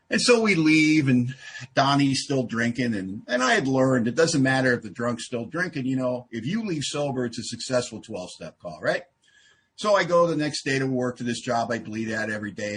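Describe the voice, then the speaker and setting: A man's voice: mid-range voice, a bit bright, breathy edge. A man speaking at a support group meeting, telling a personal story with self-deprecating, wry humor. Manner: self-deprecating, wry, acts out quoted exchanges.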